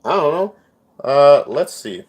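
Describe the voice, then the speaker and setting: A man's voice: on the high side, very animated, unhurried, noisy background. A man performing his spoken word poetry on a live stream, with casual rambling talk between the poems and chanted, repeated lines within them. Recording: roomy echo.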